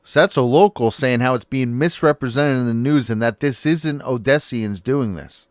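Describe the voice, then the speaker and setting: A man with a smooth, resonant voice gives casual commentary and often checks that the listener agrees. The recording is dry and close, with no room sound. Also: medium pitch, normal speed, no room sound, some chatter behind. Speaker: video commentator. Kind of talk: conversational commentary.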